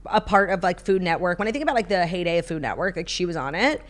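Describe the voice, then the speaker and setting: Woman co-host, quick and bouncy, casual giggly podcast banter. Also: lowish voice. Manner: animated, giggly, talks in quick bursts. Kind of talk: casual chat.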